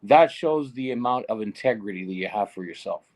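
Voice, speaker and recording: A man's voice: on the low side, lively intonation, fairly quick, darkish tone. A man co-hosting a casual talk, reacting and chiming in. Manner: reactive, laughs and chimes in. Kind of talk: casual chat.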